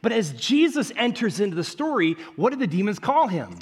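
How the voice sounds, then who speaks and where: A man's voice: high-pitched, brisk, breathy edge. A man preaching a casual, conversational sermon, addressing listeners as "guys". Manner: animated, conversational preaching with asides. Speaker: pastor.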